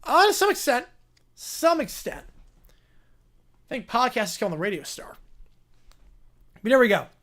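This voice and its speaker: A man's voice: very high-pitched, huge pitch swings, unhurried, pauses often, a bit bright. A man hosts a casual livestream from his home setup and talks straight into a desk microphone. His chat is loose and easygoing, and he echoes his own phrases as he goes. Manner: loose, chatty, repeats phrases. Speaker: livestream host.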